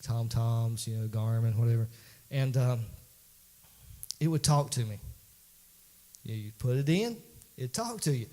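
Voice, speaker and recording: A man's voice: medium pitch, lively intonation, normal speed, long pauses, darkish tone. A man, a pastor preaching a folksy, conversational sermon in a church that builds to emphatic peaks.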